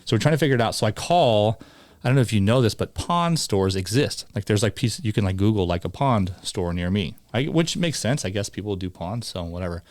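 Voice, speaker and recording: A man hosting a podcast, chatting casually and telling an animated, rambling story. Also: on the low side, fairly quick, dry recording. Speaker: podcast host. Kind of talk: casual chat.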